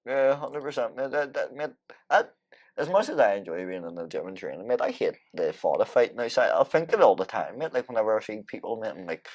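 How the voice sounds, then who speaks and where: Low-voiced man, "mate"-heavy chat. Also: fast. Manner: relaxed, says "mate" constantly. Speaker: podcast guest. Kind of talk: casual chat.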